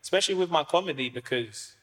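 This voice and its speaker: A man's voice: fairly high pitch, expressive, fast, a bit bright. A man, a comedian chatting as a podcast guest, rambling and slangy with lots of fillers. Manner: slangy, rambling, many fillers and "do you know what I mean". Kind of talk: casual podcast chat.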